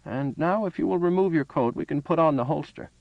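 A man doing a precise, calm old shopkeeper. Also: a little high, creaky, no echo, highs cut off, pitched above the performer's own voice. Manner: precise, measured delivery.

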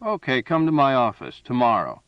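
A man's voice: mid-range voice, huge pitch swings, normal speed, no echo, muffled recording, voice pushed up. A man voicing a drunken, boastful older army colonel who talks in a slurred, blustering way.

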